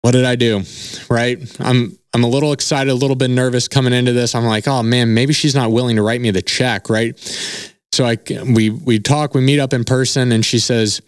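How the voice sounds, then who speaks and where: A man tells his own story on a solo podcast, loose and candid, dropping the odd swear word. His voice is smooth and resonant, set at an ordinary middle pitch. The sound is close and dry, with no room around it. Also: fairly even intonation, fairly quick, no echo. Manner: casual and candid, swears freely, often tags sentences with "right?". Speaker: podcast host.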